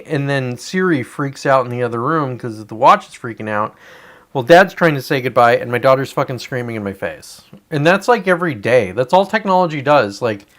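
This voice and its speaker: A man's voice: medium pitch, a bit bright. A man ranting on a casual livestream, frustrated and profane, rambling with many restarts. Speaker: livestreamer and real estate agent.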